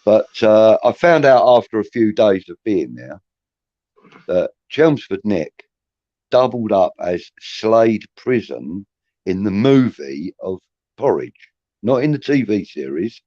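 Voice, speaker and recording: Co-host, man in his fifties, dark mellow voice, chatty storyteller, lo-fi sound. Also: on the low side, sing-song, slow, dry recording. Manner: rambling, cheeky anecdotes with lots of "you know what I mean". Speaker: podcast co-host. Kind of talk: casual storytelling chat. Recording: dull lo-fi sound.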